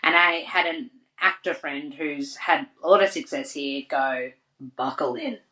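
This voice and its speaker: An Australian woman on a podcast as a guest, telling lively stories full of "like" and acted-out quotes. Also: deep voice, a little slow, low-quality recording. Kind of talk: casual interview storytelling.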